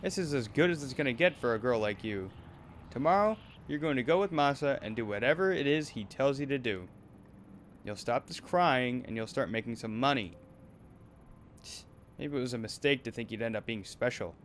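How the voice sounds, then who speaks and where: A man's voice: medium pitch, lively intonation, moderate pace, a little hiss or hum, natural voice. A man voicing an abusive, bullying male talent manager in a game, berating and menacing in turn. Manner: berating, menacing, then wheedling.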